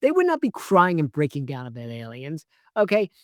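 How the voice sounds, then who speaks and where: A movie reviewer in a vlog delivers a profane, sarcastic, exasperated rant, rambling and leaning heavily on "like" and "right?". His mid-range voice has a darkish tone, huge pitch swings and a brisk pace. The audio is studio quality with no room sound.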